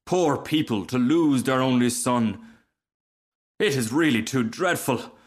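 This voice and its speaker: A man's voice: mid-range voice, unhurried, lightly acted. A man voicing a pompous, self-pitying male firework rocket in a storybook reading, haughty and theatrical. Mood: melodramatic.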